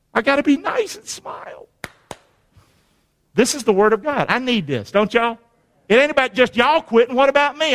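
Emphatic preacher, high voice. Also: male voice, fairly bright tone. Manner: emphatic, calls for congregation to repeat lines. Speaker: pastor. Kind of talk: sermon. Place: church sanctuary. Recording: long reverb of a church hall.

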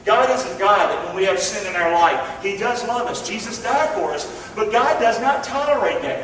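Man preaching, high and emphatic, recorded distant in an echoey sanctuary with faint room noise. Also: expressive, normal speed, few pauses. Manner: emphatic, calls to the congregation, swings loud and soft. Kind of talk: sermon. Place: church. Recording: echoey church hall from far off, faint ambience.

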